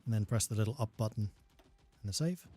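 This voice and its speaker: Man calmly explaining strategy game mechanics. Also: on the low side, fast. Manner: patient, step-by-step explanations. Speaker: game developer. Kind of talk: explaining gameplay on a livestream.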